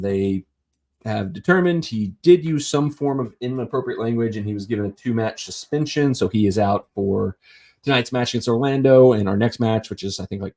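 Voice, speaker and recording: A man's voice: lowish voice, mellow. A man hosting a casual live stream, talking sports on his own in a rambling way with lots of fillers. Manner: rambling, many fillers and restarts. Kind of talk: casual solo sports talk.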